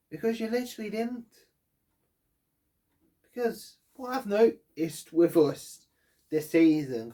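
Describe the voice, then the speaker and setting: A man rants angrily about his team after a match, swearing constantly and leaning hard on each point. His pitch leaps up and drops low as he vents. He talks at an unhurried pace. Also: dark tone. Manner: angry, heavy swearing, emphatic. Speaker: football fan vlogger. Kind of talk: post-match fan rant.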